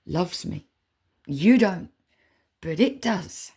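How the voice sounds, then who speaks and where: A woman's voice: on the low side, expressive, slow pace, vocal fry, long pauses, warm tone, breathy edge. A woman in an emotional monologue spoken straight to her listeners, intense and swearing, sometimes dropping to a whisper. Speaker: spiritual reader. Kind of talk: emotional direct-to-camera monologue.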